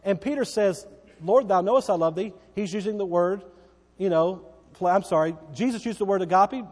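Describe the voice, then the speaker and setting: A man preaching from the pulpit with a slightly raised pitch, stressing and repeating his words. He keeps asking the congregation whether they follow him. His voice rings out with the long reverb of a large church hall. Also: normal speed, darkish tone. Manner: emphatic, repeats key words, checks in with congregation. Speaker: pastor. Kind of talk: sermon.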